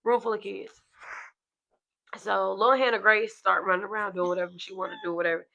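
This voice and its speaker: A woman co-host in casual chat, telling a story about her kids with gravelly fry in her voice. She jumps into the voices of the people she quotes and swears without a second thought. The recording is a little dull and lo-fi. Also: medium pitch, a little fast. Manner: animated storyteller who acts out quotes, swears freely. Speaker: podcast co-host and mother.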